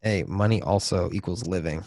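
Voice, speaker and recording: Laid-back deadpan podcast co-host man. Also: low voice, normal speed, no echo, studio quality. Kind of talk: casual chat.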